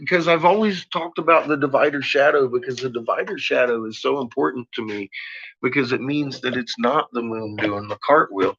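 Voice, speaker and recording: A man's voice: mid-range voice, a bit bright, breathy edge. A man ranting and swearing in frustration on a casual livestream, talking to his viewers. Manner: frustrated, swearing, slow rambling talk. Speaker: livestream host. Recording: dull lo-fi sound with faint noise.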